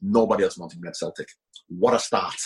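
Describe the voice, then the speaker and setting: A man's voice: deep voice, brisk. A middle-aged man, a former football manager, talking at length as an interview guest, emphatic and repeating himself for stress. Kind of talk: casual interview talk.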